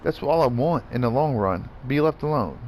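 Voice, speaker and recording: A man's voice: medium pitch, expressive, moderate pace. A man venting in a profane, repetitive rant while gaming, with faint background noise.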